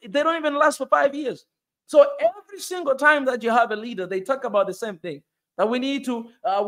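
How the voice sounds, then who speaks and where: A man's voice: very high voice, fairly bright tone. A man with a Tanzanian accent vlogging from a car on a bumpy road, talking emphatically and repeating himself, sweating as he rises to anger. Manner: emphatic, repetitive, rising to anger. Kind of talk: passionate commentary vlog.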